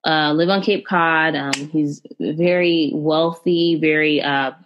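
A woman with a low voice and fairly even intonation takes her time, and the recording has the highs cut off plus slight background noise. She's a podcast host reviewing films, chatting casually and animatedly with lots of fillers and direct asides to her listeners.

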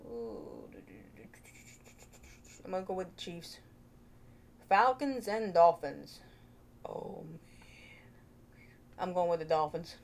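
A woman's voice: fairly low pitch, animated, takes it slowly, pauses often, background noise. A woman hosting a casual vlog, chatty and playful, thinking aloud into her own microphone. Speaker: vlogger host.

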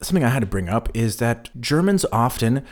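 A man's voice: medium pitch, very animated, fairly quick, a little mellow. A man co-hosting a casual podcast, chatting and acting out quoted exchanges as he tells stories. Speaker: podcast co-host. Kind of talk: casual chat.

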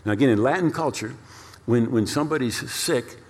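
A male pastor preaching a storytelling sermon in an animated way, repeating words for emphasis. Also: medium pitch, a little fast, husky. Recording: long reverb of a large hall.

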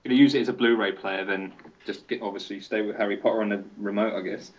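Southern English male co-host, brisk and wry, muffled lo-fi recording. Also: fairly low pitch, steady tone. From England. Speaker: podcast co-host. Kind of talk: casual chat. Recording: dull lo-fi audio.

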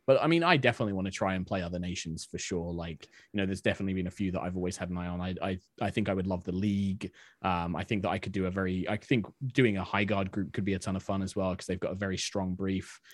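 A man chatting casually as a podcast guest, animated, with many restarts. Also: deep voice, fast, no room sound. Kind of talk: casual chat.

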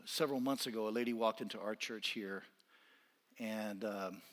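A man preaching a sermon as a pastor in a church, swinging from intense, almost shouted appeals down to quiet, soft-spoken lines. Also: on the low side, moderate pace, big-room sound. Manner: impassioned, rising to near-shouting then dropping quiet. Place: church sanctuary.

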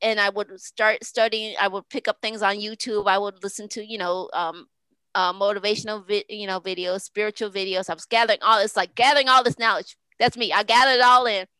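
A woman's voice: mid-range voice, steady tone, brisk, bright, forceful tone, clear, resonant tone, no echo, poor audio. A woman speaking as a podcast guest in a casual, rambling, earnest way, often restarting and repeating words. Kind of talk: casual interview talk.

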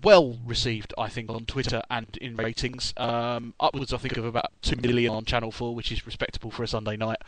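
A man's voice: medium pitch, level tone, a little fast, few pauses, no room sound, rough recording. Chatty British-TV-talking podcast man, dry mic. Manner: chatty, rambling, self-correcting. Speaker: podcast co-host. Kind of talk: casual chat.

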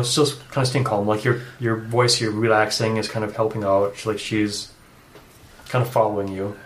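A man's voice: lowish voice, slight background noise. Man running a tabletop game. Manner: casual, rambling narration. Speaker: dungeon master. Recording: echoey room.

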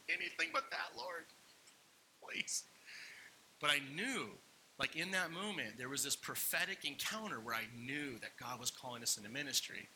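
A young man tells a personal story in sermon style, acting out the people in it. His voice is very bright and forceful. A faint hiss sits under the recording. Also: medium pitch, rough recording. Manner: animated personal storytelling, acts out quotes. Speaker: pastor.

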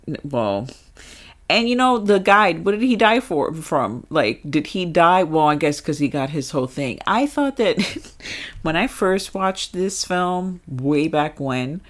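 A man co-hosting a podcast, rambling and joking about a movie, his voice jumping up when he gets excited. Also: takes it slowly. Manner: rambling, jokey, swings into excited highs. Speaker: podcast co-host. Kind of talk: casual movie discussion.

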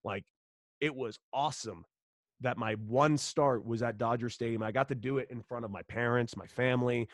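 A man's voice: medium pitch, normal speed, no room sound, clean studio sound. A man from Los Angeles, a former baseball player, telling a story in a casual interview, acting out the dialogue and swearing freely. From Los Angeles, United States.

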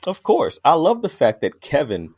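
A man co-hosting a podcast in casual debate chat, emphatic and animated, laughing as he argues. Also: fairly high pitch, moderate pace, breathy edge. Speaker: podcast co-host.

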